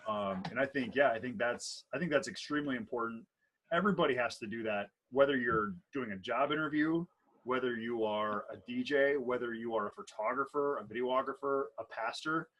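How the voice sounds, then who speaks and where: Poor audio captures a man in his thirties with a mid-range, fairly bright voice that moves a little fast. As co-host of a relaxed podcast and a wedding DJ and MC by trade, he tells stories in a playful, wandering style, restarting often.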